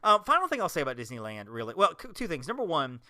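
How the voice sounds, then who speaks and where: A man co-hosting a podcast in casual chat, an excited storyteller who acts out quotes. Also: a little high, fast talker, crowd noise. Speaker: podcast co-host.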